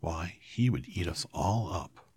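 Male reader doing a tiny squeaky queen mouse, regal and high-pitched, in a storybook read-aloud. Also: lively intonation, a little slow, darkish tone, breathy edge, no room sound, heavily acted. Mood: timid.

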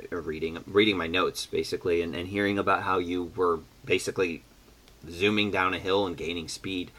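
Bright-voiced chatty man, lowish pitch. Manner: animated, chatty, lots of fillers and restarts. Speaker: podcast host. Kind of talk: casual chat, guessing game.

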